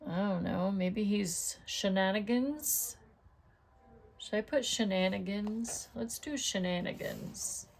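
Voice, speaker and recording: A middle-aged woman chats her way through a card-making tutorial, thinking out loud and turning to her viewers with questions. She speaks slowly, and her voice has a gravelly, fry-tinged texture. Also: mid-range voice. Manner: chatty, talks to herself while working, asks viewers questions. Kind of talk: casual crafting tutorial chat.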